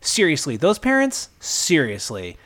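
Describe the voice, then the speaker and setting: Animated man with a higher voice. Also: measured pace. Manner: animated, emphatic, swings in pitch. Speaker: podcast co-host. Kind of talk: casual chat.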